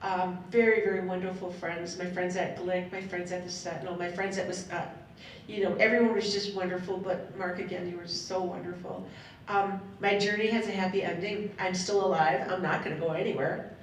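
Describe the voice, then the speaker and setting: Middle-aged woman, heartfelt storyteller, rambling, echoey hall, faint rumble. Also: steady tone, fairly quick, far from the mic. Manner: heartfelt, rambling, laughs between thoughts. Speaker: panel speaker sharing her story. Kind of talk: personal storytelling to a live audience.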